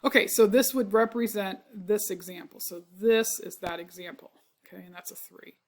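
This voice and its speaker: Woman, chemistry teacher, congested voice, mid pitch, recorded lecture, patient step-by-step explaining. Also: moderate pace. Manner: explains step by step, often asks "right?", corrects herself. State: congested, clearing her throat.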